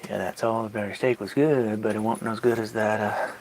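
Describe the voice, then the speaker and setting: Playful man with a gravelly voice. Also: lowish voice, level tone, fairly quick. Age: 30s. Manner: playful, rambling, breaks into silly made-up songs. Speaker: livestreamer chatting with viewers. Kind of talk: casual live-stream chat.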